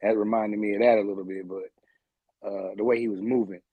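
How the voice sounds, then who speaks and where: A man hosts a casual sports podcast in a relaxed, chatty way, often laughing and leaning on "you know." His audio sounds dull and lo-fi, with a dry, close feel. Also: lowish voice, fairly quick, breathy edge, no room sound. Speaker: podcast host.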